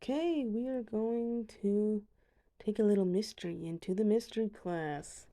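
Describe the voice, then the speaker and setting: A woman's voice: mid-range voice, unhurried, dark tone. A young woman giving a casual voice-over of a video game, chatty with self-deprecating asides. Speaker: gamer showing her dragons.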